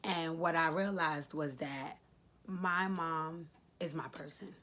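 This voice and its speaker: A woman's voice: low-pitched, slow, fairly bright tone. A woman in her late thirties giving heartfelt advice to camera, earnest and emotional, repeating key phrases for emphasis. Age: late 30s. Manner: speaks directly to viewers, informal. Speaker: advice vlogger answering a letter.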